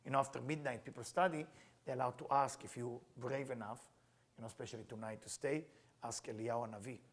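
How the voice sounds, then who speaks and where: Middle-aged male Kabbalah teacher, breathy-husky tone, earnest storyteller with simple non-native phrasing. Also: medium pitch, fairly even intonation, fast talker.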